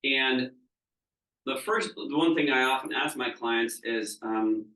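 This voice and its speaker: A man's voice: mid-range voice, takes it slowly, pushed and bright. A man, a business coach, giving a conversational training talk to a group and checking in with the audience as he goes. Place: training seminar room. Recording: roomy room, mic at a distance.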